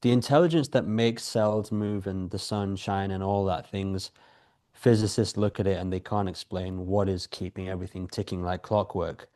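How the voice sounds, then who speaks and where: Male guest, low mellow voice, calm reflective storyteller. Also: normal speed. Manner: calm, storytelling, asks rhetorical questions. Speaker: podcast guest, spiritual teacher. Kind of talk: reflective spiritual talk.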